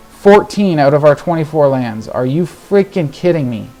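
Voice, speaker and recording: A man commentating his own card game, ranting in exasperation and swearing, swinging between low muttering and sudden shouts. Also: moderate pace, hardly any pauses. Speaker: gaming video host. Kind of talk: live gameplay commentary.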